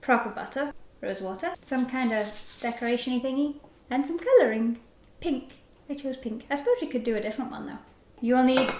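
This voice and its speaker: A woman with a fairly high voice talks through a recipe in a loose, chatty way, breaking into giggles as she works. Her voice bounces around a roomy, echoey kitchen. Dishes and cutlery clatter behind her. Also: slight background noise. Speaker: baking vlogger. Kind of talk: casual recipe tutorial. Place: home kitchen.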